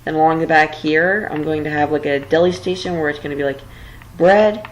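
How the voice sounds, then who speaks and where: A woman with a low, steady voice talks fairly quickly through casual let's-play commentary while she builds, rambling, a little flustered, and tired late at night. She's self-deprecating as she goes. The low-quality recording carries slight background noise.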